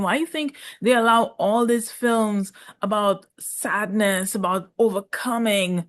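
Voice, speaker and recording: Sassy young woman reviewing reality TV. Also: mid-range voice. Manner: sassy, emphatic, drawn-out repetitions. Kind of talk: casual opinionated commentary.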